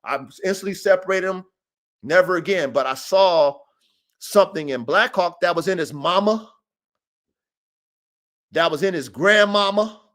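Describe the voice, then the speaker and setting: Animated, profane man telling stories. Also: high voice. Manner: animated storytelling, profane, quick asides. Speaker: dog breeder and podcast host. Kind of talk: casual livestream talk. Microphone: streaming setup.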